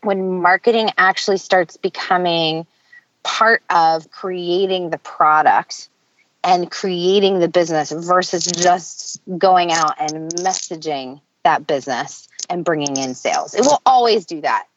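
A woman co-hosting a casual business talk, excited and emphatic, talking fast and swearing freely. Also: fairly low pitch, a little hiss or hum. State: excited, early morning. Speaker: podcast co-host. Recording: dull lo-fi audio.

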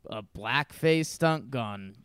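Man, podcast co-host, deadpan jokes, lively pitch, very crisp voice, dry close sound. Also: takes it slowly, no room sound. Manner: deadpan, dark one-liners. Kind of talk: casual comedic chat.

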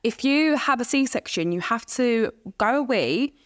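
A woman's voice: on the high side, animated, unhurried. A young woman, chatting casually on a podcast and telling a blunt, sweary birth story. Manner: blunt, swears freely, tells stories with quoted dialogue. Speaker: podcast co-host. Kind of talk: casual chat.

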